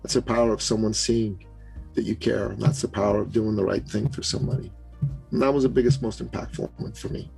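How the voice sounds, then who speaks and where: A middle-aged man from Canada, a business coach guest on a podcast, telling a story in an animated, emphatic way and acting out the quotes. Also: lowish voice, quick pace, gravelly, faint music behind, rough recording. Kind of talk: storytelling in an interview.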